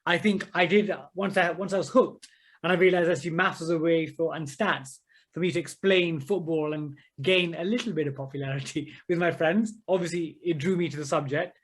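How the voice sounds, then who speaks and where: Keen guy, maths teacher, chatty and animated, a bit higher voice. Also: brisk. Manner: enthusiastic, animated storytelling. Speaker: guest, author and maths teacher. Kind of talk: interview conversation.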